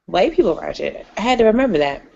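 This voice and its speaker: A woman co-hosting a casual podcast, an animated storyteller who acts out the people in her stories. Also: mid-range voice, quick pace, vocal fry, dull audio. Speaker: co-host.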